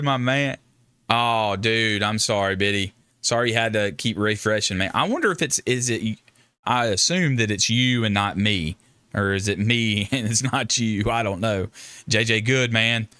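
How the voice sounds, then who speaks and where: Male livestream host, lowish voice with a bright edge, rambling and jokey, dry close mic. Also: unhurried, clean tone, no room sound. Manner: rambling, joking, self-interrupting. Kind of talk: casual livestream chat with viewers.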